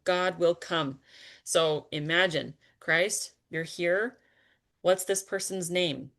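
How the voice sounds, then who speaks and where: A woman with a low voice guides a spiritual conversation. She talks in an earnest, animated way, laughing often and pausing on fillers. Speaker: spiritual teacher.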